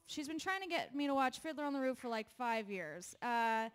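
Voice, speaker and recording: A woman's voice: sits high, lively intonation, normal speed, smooth. A young woman doing a stand-up comedy set on a live stage, chatty and self-deprecating, laughing between her jokes. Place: live venue with an audience.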